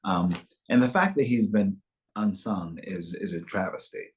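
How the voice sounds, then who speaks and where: A man's voice: low voice, moderate pace. A man speaking as an actor guest in a webchat interview over a video call, reflective and expansive in the way he tells things.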